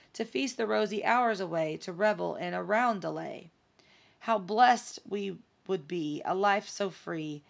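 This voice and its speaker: A woman reading aloud as young herring daughters chanting a slow, dreamy song. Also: medium pitch, creaky. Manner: slow sing-song, grating.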